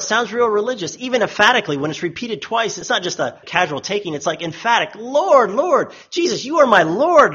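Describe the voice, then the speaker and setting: Emphatic husky male preacher, lo-fi. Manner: emphatic, rises for quoted voices and drops low and quiet for solemn lines. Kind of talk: sermon.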